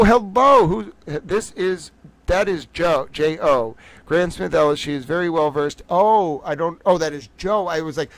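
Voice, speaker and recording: Male livestream host, chatty and joking, slightly high voice, dry close sound. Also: dry recording. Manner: animated and joking, reading chat aloud. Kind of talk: casual livestream chat commentary.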